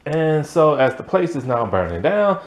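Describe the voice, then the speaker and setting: A man's voice: fairly high pitch, sing-song, moderate pace. A young man casually reviewing a TV series, rambling with lots of ums and likes and chuckling now and then.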